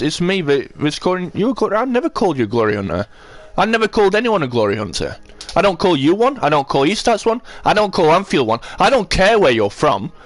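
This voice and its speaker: Sheffield-accented streamer, irate and sweary, close dry mic, pitched on the higher side. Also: male voice, dry recording. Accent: Sheffield English. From Sheffield, England. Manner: ranting, swearing, repeats himself. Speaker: livestreamer. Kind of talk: angry rant to live chat.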